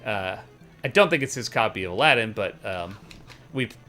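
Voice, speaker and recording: A man in his thirties streaming a retro game, talking in a relaxed, rambling way with many fillers. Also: fairly low pitch, normal speed. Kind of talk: casual game-stream chat. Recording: faint game music behind.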